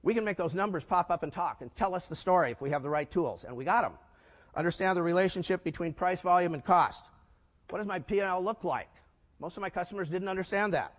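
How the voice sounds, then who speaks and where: A man's voice: high-pitched, animated, fast. An older man giving a punchy business conference talk, tossing rhetorical questions to the audience. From United States. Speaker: keynote speaker. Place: large conference hall. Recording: echoey hall.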